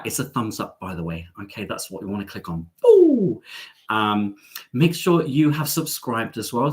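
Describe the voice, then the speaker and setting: Man, live-stream host, camp and teasing, very lively pitch. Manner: camp, playful, teasing the audience. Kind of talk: chatty live-stream monologue.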